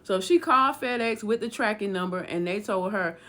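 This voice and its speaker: A woman casually telling a true story, animated and acting out the dialogue as she goes. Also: medium pitch, moderate pace.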